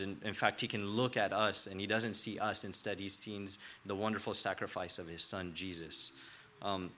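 A young man preaching a sermon in an earnest, halting way, with many restarts and filler words. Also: lowish voice, bright, forceful tone.

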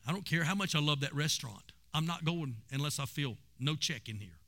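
A man's voice: fairly high pitch, lively intonation, brisk, sharp tone. A man preaching a sermon and telling stories with emphasis. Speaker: pastor.

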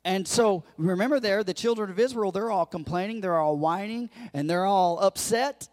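A pastor preaching a lively sermon to his congregation, acting out quoted lines in a raised voice and joking with the crowd. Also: high-pitched, normal speed, few pauses. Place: church.

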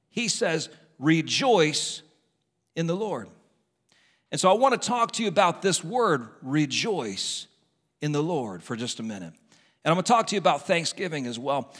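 A middle-aged pastor preaches in an emphatic sermon style, repeating his key phrases. His high voice swings widely in pitch as he plays the voices of complainers. The sound carries the long reverb of a church hall. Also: fairly bright tone.

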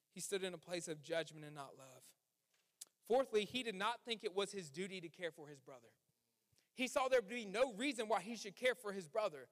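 A man's voice: extremely high pitch, expressive, brisk, a bit bright. A man preaching as a pastor, conversational and informal, with slang asides, and acting out the voices of biblical characters. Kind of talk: sermon. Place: church sanctuary. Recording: long hall reverb.

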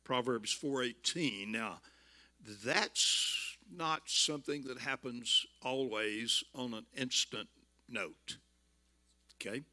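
A man in his seventies with a Southern US accent, telling stories in a folksy sermon and building to loud exclamations. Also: medium pitch, slow pace. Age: 70s. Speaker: visiting preacher. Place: church.

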